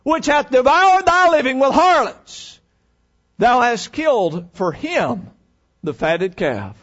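A man's voice: very high voice, sing-song, slow pace, fairly bright tone, lo-fi sound, pitched above the performer's own voice, full character voice. A man reading the part of a resentful elder brother, reciting old scripture with heated emphasis.

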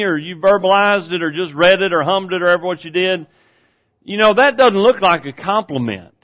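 A man preaching a sermon, moving from easy storytelling to loud, excited peaks. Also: high-pitched, lo-fi sound. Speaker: pastor.

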